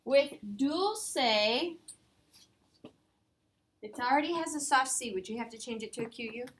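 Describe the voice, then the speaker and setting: A woman's voice: sits high, animated, a little slow, fairly bright tone. A woman teaching a Spanish lesson, explaining grammar step by step and mixing English with Spanish words. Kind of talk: online class lesson.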